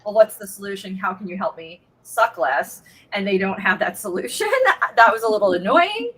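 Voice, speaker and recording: A woman life coach chatting casually, an animated storyteller who acts out the quotes she tells. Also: mid-range voice, moderate pace, husky, low-quality recording. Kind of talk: casual chat.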